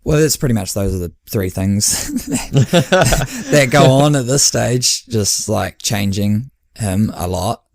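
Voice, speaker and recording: A man's voice: mid-range voice, expressive, slow, vocal fry, no room sound, studio quality. A man, hosting a casual podcast and telling stories as a running coach, acting out quoted dialogue. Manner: chatty storyteller who acts out quoted dialogue with laughs.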